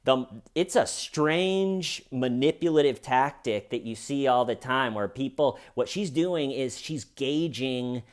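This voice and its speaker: A man's voice: medium pitch, a little slow, hardly any pauses. Wry joking male commentator. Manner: wry, sarcastic, joking asides. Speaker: true crime commentator. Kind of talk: comedic commentary.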